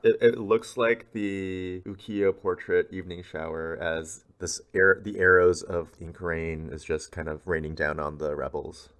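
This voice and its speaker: Low-voiced man recapping casually. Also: measured pace, few pauses, dull audio. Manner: relaxed retelling with restarts and fillers. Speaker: podcast co-host. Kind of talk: casual recap of a comic chapter.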